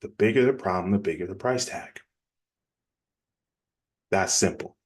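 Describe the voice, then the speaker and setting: A man giving a casual, energetic sales-coaching presentation in a plainspoken, conversational way. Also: sits low. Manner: energetic, acts out quick example dialogues. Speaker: business coach.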